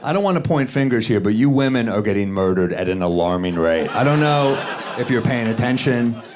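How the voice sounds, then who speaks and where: A man performing a stand-up comedy set in a club, with a wry, deadpan delivery and quoted asides. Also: medium pitch, a little fast. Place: comedy club stage with laughing audience. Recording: live club recording with audible crowd.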